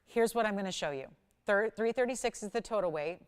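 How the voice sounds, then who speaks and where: A woman's voice: mid-range voice, fairly quick, clear, resonant tone. Enthusiastic woman hosting a live jewelry sale. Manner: enthusiastic, persuasive, urgent selling. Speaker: TV shopping host. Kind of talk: live home shopping sales pitch. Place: TV studio.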